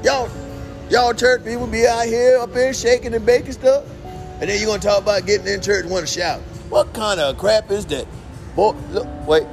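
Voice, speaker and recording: A man's voice: a little high, gravelly. A man playing Billy Bob, a brash street talker. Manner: loud, boastful, in heavy slang. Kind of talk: comedic character sketch.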